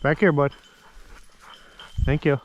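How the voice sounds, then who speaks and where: A man's voice: fairly high pitch, fairly even intonation, slow, dull audio, a little hiss or hum. Man coaxing his dogs in the woods. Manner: coaxing, calling out commands to dogs. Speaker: hunter filming his hunt. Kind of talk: casual talk to his hunting dogs. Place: outdoors in thick woods.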